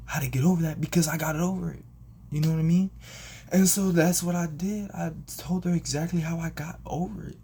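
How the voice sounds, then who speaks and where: A young vlogger with a creaky, mid-range voice shares a personal story casually, and a little hiss or hum can be heard. Animated throughout, he mimics the people he quotes with sharp jumps in his voice.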